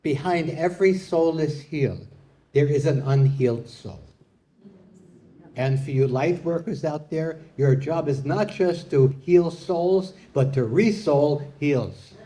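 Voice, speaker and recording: In a hall, a man performs a live stand-up comedy set built on puns, his slightly high, mellow voice moving at a slow pace. His playful delivery draws laughter from the audience.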